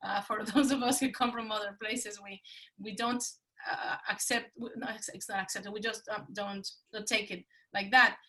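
A middle-aged woman, telling her story as a podcast guest in an animated, emphatic way. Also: medium pitch, normal speed, far from the mic, low-quality recording. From Mexico. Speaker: guest, business consultant. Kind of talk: casual interview talk.

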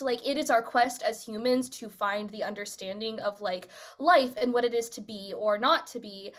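A woman's voice: on the high side, normal speed, few pauses. A young woman in her twenties co-hosting a podcast, talking enthusiastically and rambling with lots of fillers. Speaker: podcast co-host. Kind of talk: casual chat.

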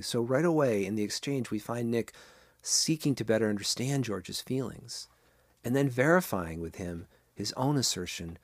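A man hosting a podcast, reading short-story passages and analyzing them in a measured way. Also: mid-range voice, lively intonation, no room sound. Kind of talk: literary reading and commentary.

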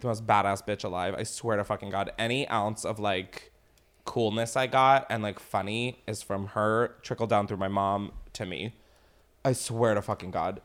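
A man hosting a podcast, tipsy on wine, telling crude, rambling stories in casual chat. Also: lowish voice. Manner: crude, rambling, lively storytelling.

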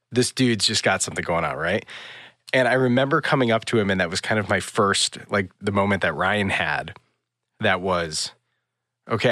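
A man's voice: low voice, no echo, studio quality. A man on a podcast telling a story with energy and acting out bits of dialogue in a casual chat. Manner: animated storyteller, acts out dialogue. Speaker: podcast host.

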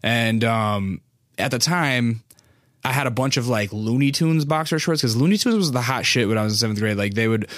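A podcast host in his thirties tells a story in a loose, rambling way, swearing often and padding his talk with fillers. His voice sits at a middling pitch for a man. The sound is dry and close, with no room echo. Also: moderate pace, fairly bright tone. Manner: profane, rambling, lots of fillers. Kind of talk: casual storytelling monologue.

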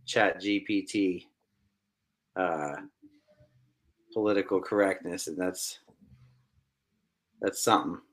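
A man, a musician guest, giving opinionated views in a casual chat, halting and restarting his sentences. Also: low voice.

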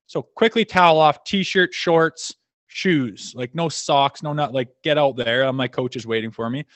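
A man, a former hockey enforcer, telling profane, animated stories on a podcast, acting out what others said. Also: mid-range voice, unhurried, no room sound. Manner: profane, animated anecdotes acting out quoted dialogue. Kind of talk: casual storytelling chat.

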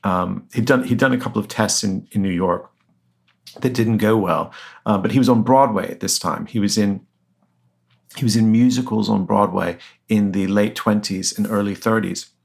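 A man's voice: fairly low pitch, moderate pace, gravelly. A man being interviewed about his book, answering hesitantly with many restarts and fillers. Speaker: author guest.

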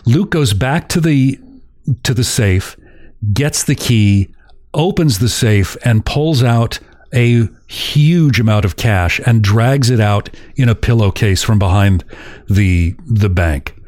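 A man's voice: on the low side, animated, takes it slowly, darkish tone, no room sound, clean studio sound. A man hosting a podcast who recounts a story in a casual, chuckling way. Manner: chuckles while telling a story. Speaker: podcast host.

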